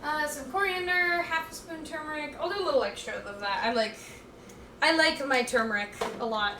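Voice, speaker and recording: A woman's voice: high-pitched, reverberant, recorded from a distance, background noise. A woman streamer chatting casually with her viewers as she cooks at home, reading chat aloud in a scattered, playful way. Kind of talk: casual chat while cooking. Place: home kitchen.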